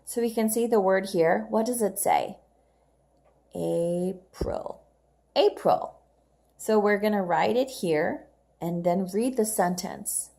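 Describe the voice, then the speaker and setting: A woman walks young learners through their homework in a slow, measured voice. She speaks each word clearly and repeats it so the children can follow along, with the patient cadence of a classroom teacher. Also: mid-range voice, dark tone. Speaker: English teacher.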